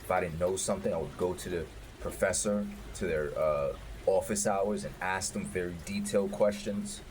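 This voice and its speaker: A man in his thirties telling his life story in a candid, profane, animated way. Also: low-pitched, moderate pace, a little hiss or hum. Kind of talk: casual storytelling.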